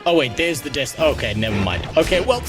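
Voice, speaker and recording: A man's voice: fairly high pitch, very animated, brisk, loud music behind the voice. A man streaming a game, talking casually to himself and his chat, grumbling and swearing constantly. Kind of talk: casual gameplay commentary. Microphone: headset.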